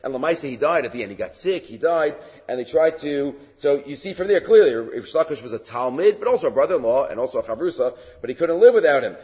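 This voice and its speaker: Man teaching a Talmud class, somewhat high and husky voice, halting delivery, reverberant hall, dull lo-fi sound. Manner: animated, acts out quoted rabbis in a raised voice; halting, with many fillers and restarts.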